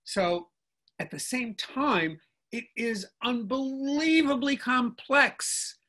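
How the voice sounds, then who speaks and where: Older man, professor, video call, lively rambling explanation, checks in with listener. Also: very high voice, slow pace. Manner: lively, discursive lecturer with frequent "right?" checks. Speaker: guest linguistics professor.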